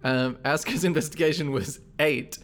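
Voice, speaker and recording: A man narrating a tabletop game as game master, relaxed and chatty, often laughing. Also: a little high, normal speed.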